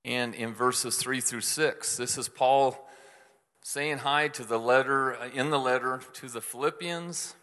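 Bright-voiced pastor in an echoing hall. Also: male voice, mid-range voice, unhurried. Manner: informal, chatty, with frequent restarts and asides to the congregation. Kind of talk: conversational sermon. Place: church hall with screens. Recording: long reverb of a large hall.

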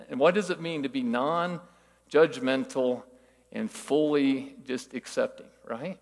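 An older man preaching in a relaxed, conversational way, weaving folksy stories with rhetorical questions. His voice has a gravelly edge, and it rings out with the long reverb of a big church hall. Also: mid-range voice, takes it slowly. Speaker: church teacher. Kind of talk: conversational sermon.

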